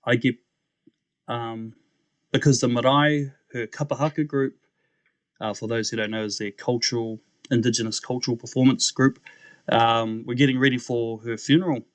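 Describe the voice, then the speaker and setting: Animated New Zealand man telling a story. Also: mid-range voice, moderate pace, no echo. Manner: animated storyteller, often says "bro", acts out voices. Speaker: podcast guest. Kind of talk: testimony storytelling.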